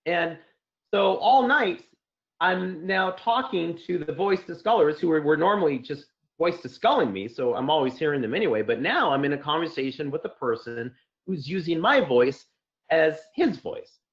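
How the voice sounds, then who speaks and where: A man's voice: on the high side, animated, normal speed. A man telling a long personal account as an interview guest, rambling with many fillers and restarts. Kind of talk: casual spoken account. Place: Santa Clara area. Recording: dull lo-fi audio.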